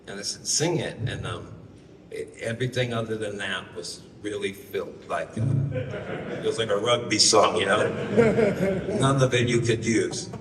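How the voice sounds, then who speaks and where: A man's voice: lowish voice, moderate pace, background noise. A man telling a loose, wry story on stage between songs, profane and full of asides. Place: live concert venue. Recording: roomy live hall, from far off, guitar behind.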